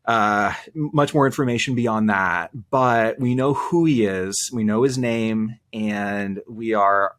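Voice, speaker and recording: A man's voice: medium pitch, fairly bright tone. A young man, a foreign policy expert, speaking earnestly as an interview guest.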